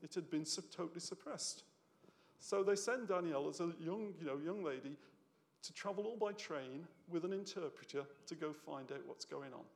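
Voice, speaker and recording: Male preacher, conversational sermon, gravelly voice, long church reverb. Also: a little high, moderate pace. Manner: conversational, tag questions, gets emotional. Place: church hall.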